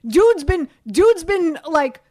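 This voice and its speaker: A woman's voice: extremely high pitch, very animated, slow pace, darkish tone, dry recording, studio quality. A woman hosting a call-in sports radio show, talking over callers and insisting on her point. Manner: talks over callers, repeats names insistently.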